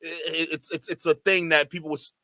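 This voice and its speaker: A man's voice: a little high, level tone, fairly quick, sharp tone, no room sound. A man streaming his reaction to a clip, mocking and ranting, with a slight stutter. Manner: mocking, mimics others in exaggerated voices; stutters at times. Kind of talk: heated reaction commentary.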